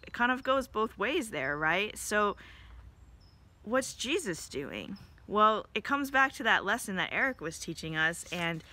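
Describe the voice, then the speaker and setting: A woman's voice: mid-range voice, sharp tone. A woman leading a church devotional in a casual, conversational way, often checking in with "right?". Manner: conversational, questioning, frequent "right?" and "kind of" hedging. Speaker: devotional leader. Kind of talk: informal devotional talk.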